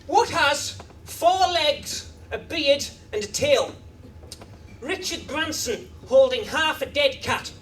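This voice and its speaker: A man doing a stand-up comedy set in a club, with a deadpan, awkward delivery full of hesitant restarts. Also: very high voice, slow pace, recorded from a distance, a little hiss or hum. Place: comedy club stage with live audience. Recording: live club recording, loud crowd laughter.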